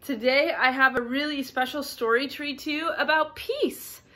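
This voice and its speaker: A woman reading a picture book aloud to young children, sing-song and animated, gasping and asking her listeners questions. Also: sits high, moderate pace. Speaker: storybook reader for children.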